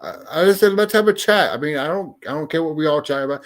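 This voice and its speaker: Dude on a livestream just chatting with viewers, cusses a ton, blunt, keeps restarting sentences. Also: male voice, fairly high pitch, lively intonation, quick pace. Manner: profane, blunt, rambling with frequent restarts. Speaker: livestream host. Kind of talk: casual chat reading viewer comments.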